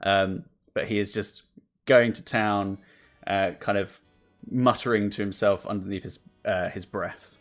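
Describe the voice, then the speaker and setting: A man narrating as game master in a relaxed, rambling way with many fillers. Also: on the low side, unhurried, soft background music.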